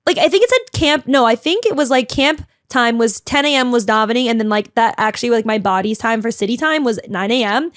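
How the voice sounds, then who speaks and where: A chatty, dramatic young woman telling a casual vlog story, full of "like" and quick asides. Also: fairly high pitch, lively intonation, dry recording, studio quality. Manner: chatty and bubbly, heavy use of "like", dramatic; talks a lot, emotional. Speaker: vlogger.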